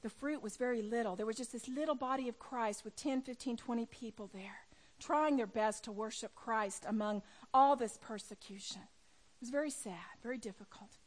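A middle-aged woman preaching a sermon to women, impassioned, dropping to a hush and then rising loud. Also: a little high, moderate pace. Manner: impassioned, swings from hushed to loud. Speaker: women's ministry speaker.

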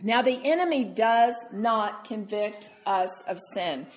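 A woman teaching a Bible study to a group, animated and tender, calling listeners sweetheart. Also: on the high side, unhurried, hardly any pauses.

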